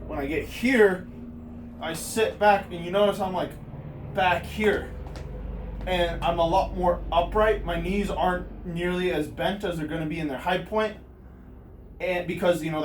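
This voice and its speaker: A man's voice: high voice, recorded from a distance, slight background noise. A man coaching hammer throw technique, out of breath, demonstrating moves as he explains them in a loose, rambling way with many fillers. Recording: roomy echo, speaking from away from the mic.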